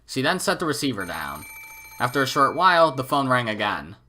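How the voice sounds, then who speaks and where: A man reading a visual novel aloud in an expressive, animated way. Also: medium pitch, a little fast, slight background noise. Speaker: let's play narrator.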